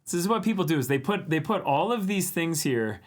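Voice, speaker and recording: A man hosting a livestream, chatting casually and excitedly about viewer drawings, laughing often. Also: a little high, brisk. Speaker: livestream art show host.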